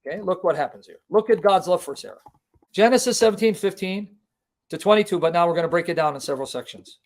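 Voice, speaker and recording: Guy preaching on a livestream, high voice, really fired up, keeps asking the audience do you see. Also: animated, fast. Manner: impassioned, emphatic, rhetorical questions to the audience. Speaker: Christian preacher and apologist. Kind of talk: livestream Bible teaching.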